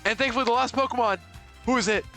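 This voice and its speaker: A male streamer with a bright, forceful voice, talking through a live game run. He is excitable, swinging between panicked outbursts and easy banter with chat. Faint game music plays behind him. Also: extremely high pitch, fast talker. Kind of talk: live gameplay commentary.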